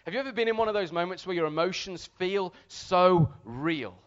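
A man preaching a sermon to a congregation, telling a story with animated, shouted re-enactments. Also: high-pitched, moderate pace, dull audio.

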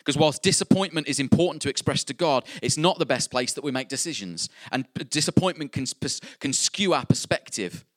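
A man's voice: fairly high pitch, expressive, fairly quick, few pauses, no room sound, clean studio sound. A man preaching a sermon, earnest and repeating key phrases for emphasis.

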